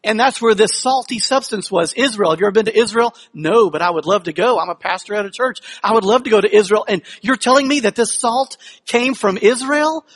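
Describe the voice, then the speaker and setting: A man's voice: high voice, a little fast, hardly any pauses, a bit bright. A man preaching a sermon as pastor, talking conversationally and with humor, putting questions to the congregation. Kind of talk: sermon with personal storytelling.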